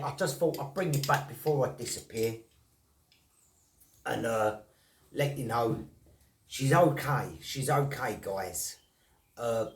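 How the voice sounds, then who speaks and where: A man's voice: mid-range voice, slight background noise. A blunt, rambling man chatting casually to camera as a vlogger, swearing and laughing in disbelief. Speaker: vlogger on snaring and trapping. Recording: roomy, from a distance.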